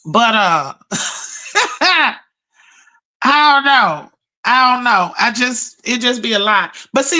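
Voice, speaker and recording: A woman hosting a casual livestream, telling stories, cussing freely and greeting viewers in chat. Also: on the high side. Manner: profane, animated storytelling with chat shout-outs. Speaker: livestream host.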